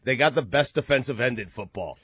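A man's voice: medium pitch, animated, fairly quick, fairly bright tone, slightly rough, no echo, clean studio sound. A man hosting a casual sports talk show, leading the discussion and laughing often. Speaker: sports radio host.

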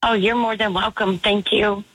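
A woman's voice: mid-range voice, level tone, normal speed, fairly bright tone, breathy edge, no room sound, rough recording. A woman from Arkansas calling in to a radio show, talking in a friendly, plainspoken way. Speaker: caller. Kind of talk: phone-in chat with hosts.

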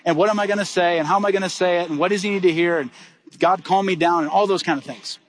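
A middle-aged man preaching a sermon, telling a story with lively acted-out dialogue. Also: sits high. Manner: animated, acts out dialogue in quick bursts. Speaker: pastor.

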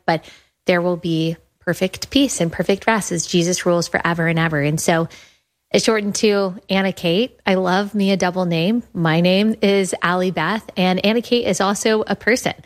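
A woman's voice: fairly low pitch, steady tone, moderate pace. A young adult woman hosting her show, talking earnestly and enthusiastically and often restarting her phrases. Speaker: podcast host presenting her app. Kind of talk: casual talk.

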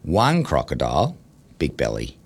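A man hosting radio, telling a story in a playful, animated way that builds suspense. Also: a bass voice, unhurried, husky. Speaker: radio host. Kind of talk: casual banter, storytelling.

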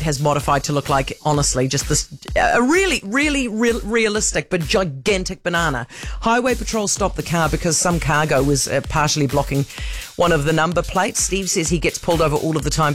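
A woman with a New Zealand accent hosting a talk radio news hour, chatty and wry with quick asides. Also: low voice.

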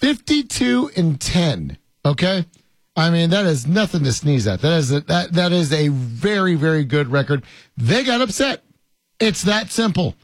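A man's voice: on the high side, very animated, normal speed, no room sound. A man from hosting a casual sports talk show, chatting with many fillers and emphatic repeats. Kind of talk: casual sports radio chat.

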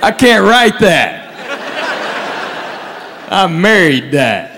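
A man doing a stand-up set, telling stories with animated impressions. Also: sits high, very slow, long reverb tail, slight background noise. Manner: Southern storytelling, animated impressions. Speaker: stand-up comedian.

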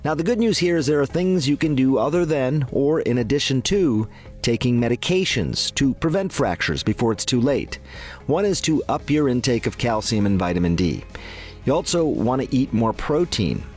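A man giving a scripted health explainer in a clear, explanatory way. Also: medium pitch, expressive, normal speed, darkish tone, faint music behind. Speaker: health podcast host. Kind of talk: scripted narration.

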